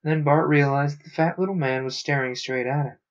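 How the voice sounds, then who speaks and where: A man's voice: on the high side, fairly quick. Man reading a novel aloud, lo-fi. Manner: steady narration with small stumbles. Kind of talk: audiobook-style reading. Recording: dull lo-fi sound.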